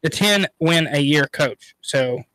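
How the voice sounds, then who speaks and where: Male sports radio co-host, bright and quick, dry close mic. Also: fairly high pitch, lively intonation, no echo, low-quality recording. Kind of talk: casual sports chat.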